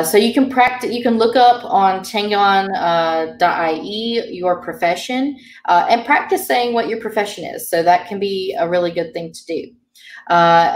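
Low-voiced woman teaching from afar. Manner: patient, explanatory, frequent ums. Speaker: Irish language teacher. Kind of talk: explaining grammar in an online class. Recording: roomy sound from a distant mic.

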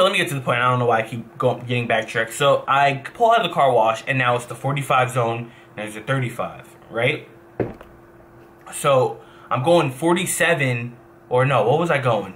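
With a mid-range voice over a little hiss or hum, a young New Jersey man who games professionally rambles through an animated story on his casual vlog. He swears as he backtracks.

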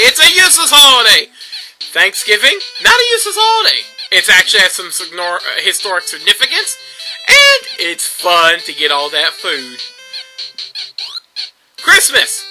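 A young man hosting a gameplay video, ranting sarcastically and mocking others in squeaky put-on voices. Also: huge pitch swings, moderate pace, pauses often, over music, poor audio. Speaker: gaming video host.

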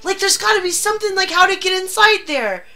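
A woman's voice: very high-pitched, animated, a little fast, pushed and bright. A woman streaming live, panicking, swearing and laughing in fits.

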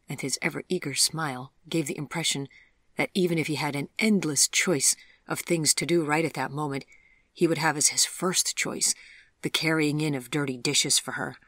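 An audiobook narrator reading a story in a soft, hushed, breathy voice. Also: medium pitch, no room sound, studio quality. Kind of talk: scripted narration.

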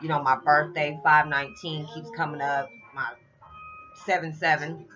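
Woman, 40s, vlogger; low voice, rambling confessional chat, muffled lo-fi audio with music under it. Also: little pitch movement, moderate pace. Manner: rambling, heartfelt, many fillers. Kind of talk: casual spiritual vlog monologue. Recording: dull lo-fi with loud music behind.

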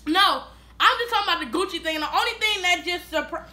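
A young woman chatting casually beside a vlogger, telling what happened in a giggly, animated way. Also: very high-pitched, fast. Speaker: sister, co-host. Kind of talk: casual chat.

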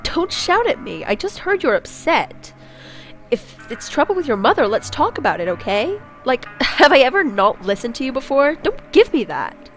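Woman doing a sassy high-voiced AI girl. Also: very animated, moderate pace, faint music behind. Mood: sassy soothing. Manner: sassy, reassuring. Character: sassy female AI companion on a screen.

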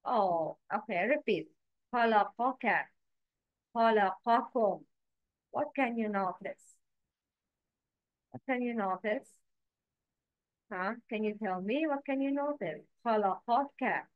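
A woman's voice: medium pitch, animated, measured pace, long pauses, no echo, lo-fi sound. A woman teaching letter pronunciation, patiently repeating words and prompting her pupils to repeat after her. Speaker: Quran reading teacher. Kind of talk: pronunciation lesson.

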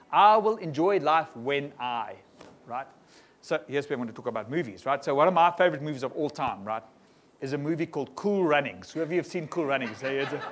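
A pastor with a slightly high voice delivers a sermon in a church hall, his congregation right in front of him. He keeps it lively, frequently tossing quick questions to the room.

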